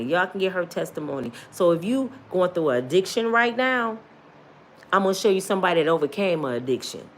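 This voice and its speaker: A woman's voice: mid-range voice, a bit bright. A middle-aged woman giving an impassioned, preaching-style testimony with repeated calls to her listeners. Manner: fervent, repetitive, call-and-response preaching. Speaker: motivational testimony speaker.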